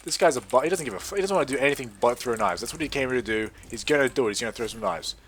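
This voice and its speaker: A young Australian man rambling and swearing through casual commentary while playing a video game, with sudden excited outbursts. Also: medium pitch, racing, slightly rough. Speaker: gaming commentator.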